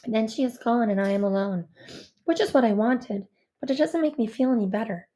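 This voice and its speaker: Woman narrator for a first-person audiobook, fairly high voice, quiet and measured, inward reading.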